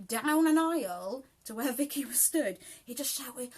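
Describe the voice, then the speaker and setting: A woman's voice: a little high, moderate pace, few pauses. A British woman chatting casually in a rambling way while she sews, with lots of ums and laughs. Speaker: sewing vlogger. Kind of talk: casual chat while sewing.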